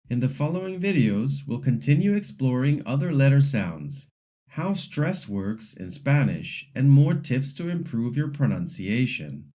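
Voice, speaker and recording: This Spanish pronunciation teacher is very animated yet unhurried, his mellow voice leading a scripted lesson. His pitch travels freely as he demonstrates each word distinctly for the class to repeat.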